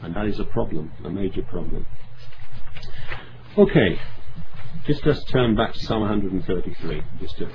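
A man's voice: low-pitched, lively intonation, moderate pace, pauses often. A man preaching a sermon, reading scripture aloud and driving home points with earnest emphasis and asides. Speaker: pastor. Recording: slightly dull sound with faint background noise.

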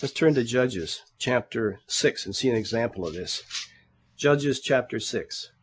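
A man's voice: mid-range voice, animated, a little slow, a little hiss or hum. A man preaching a sermon in an earnest, conversational way. He calls the congregation brethren and often repeats words while he searches for the next one. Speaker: pastor.

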